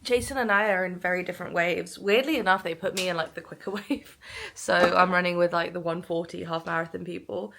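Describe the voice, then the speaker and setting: A woman's voice: fairly low pitch, a little fast, gravelly, fairly bright tone, slight background noise. A young woman chatting casually to her phone camera, with lots of fillers and frequent laughter. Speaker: vlogger. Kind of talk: casual vlog chat.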